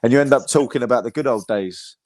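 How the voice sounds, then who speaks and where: A man's voice: mid-range voice, quick pace, darkish tone, no echo. A man guest telling rambling, sweary fan anecdotes in casual chat, with an English accent. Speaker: podcast guest, football fan.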